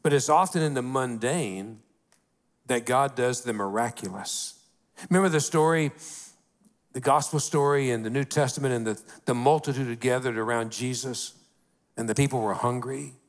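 A middle-aged man, preaching a conversational sermon in a folksy way, often saying "you know" and slowing down to stress key phrases. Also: mid-range voice. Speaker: pastor.

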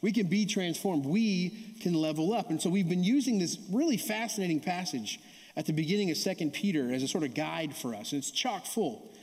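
High-voiced pastor in a reverberant church. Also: male voice, animated, brisk, darkish tone. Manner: conversational, keeps asking the audience "right?"; calls for audience response. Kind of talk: sermon with storytelling. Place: church sanctuary. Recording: long hall reverb.

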